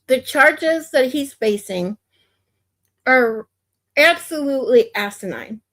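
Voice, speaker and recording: A woman's voice: high voice, expressive, takes it slowly, fairly bright tone. A woman streamer from the United States giving blunt, opinionated commentary in a casual ranting manner.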